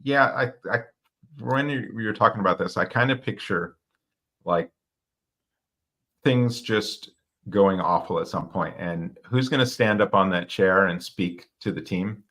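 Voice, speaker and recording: A man's voice: deep voice, measured pace, a bit bright. A man co-hosting a podcast, speaking reflectively and thinking ideas through aloud. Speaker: podcast co-host. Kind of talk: casual discussion.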